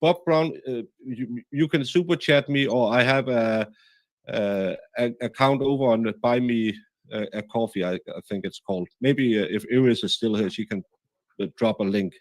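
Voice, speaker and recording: A man hosts a casual livestream in a halting way, full of fillers as he reads out viewer comments. His pitch sits in the middle for a man. The recording is dry and close. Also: no echo. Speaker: livestream host.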